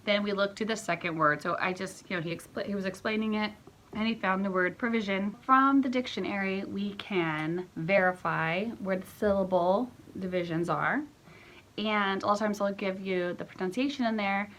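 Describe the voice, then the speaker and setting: A woman's voice: mid-range voice, normal speed, fairly bright tone. Chatty woman homeschool teacher. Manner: chatty, often checks with "right?". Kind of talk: casual explanatory lesson talk. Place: home.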